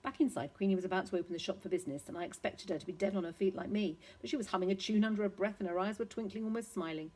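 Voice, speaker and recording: A woman reading a children's novel aloud, steady and expressive. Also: medium pitch, racing, few pauses, low-quality recording. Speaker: reader.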